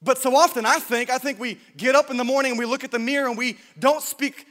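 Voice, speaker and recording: A man's voice: very high-pitched, quick pace. A man preaching a sermon, telling a story with jokes and lots of self-interruptions before moving to exhortation. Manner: animated, jokey, self-interrupting. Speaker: pastor. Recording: long hall reverb.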